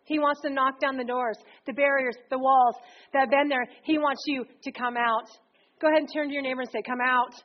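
A woman preacher delivering a sermon in a conversational, energetic way, often slipping into acted quotes. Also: sits high, fairly quick. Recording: dull lo-fi recording.

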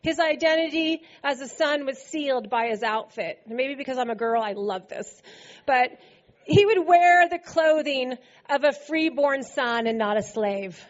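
Woman, high voice, preaching a sermon, playful, laughs a lot, acts out scripture, muffled lo-fi church recording. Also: lively intonation, unhurried. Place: church service before a congregation.

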